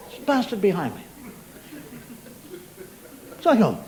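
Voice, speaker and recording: A middle-aged comedian on a television studio stage delivers an exasperated stand-up rant about everyday nuisances, complete with impressions of people and car horns. He talks at a measured pace with long pauses, his high voice swooping wildly. Audience noise fills the live recording.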